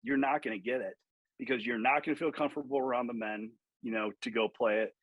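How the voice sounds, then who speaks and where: A man's voice: mid-range voice, fairly even intonation, fast, dry recording, narrow, tinny audio. A man who coaches golf, telling stories animatedly in a podcast interview, acting out quotes and swearing freely.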